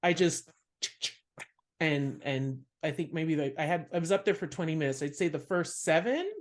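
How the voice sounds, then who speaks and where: A woman's voice: deep voice, moderate pace. A woman comedian, a guest on a podcast, telling stories in casual chat and laughing often. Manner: animated storyteller, laughs often.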